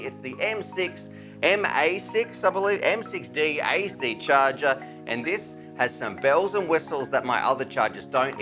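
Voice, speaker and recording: A man hosting a casual product review, chatty and enthusiastic with informal slang. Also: fairly high pitch. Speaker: tech reviewer and channel host.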